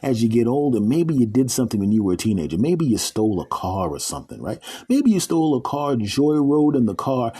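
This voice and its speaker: A middle-aged man telling a funny story as a monologue, animated and often jumping into character voices. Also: medium pitch, fairly quick, hardly any pauses, breathy edge. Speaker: comedic storyteller. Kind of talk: comedic monologue.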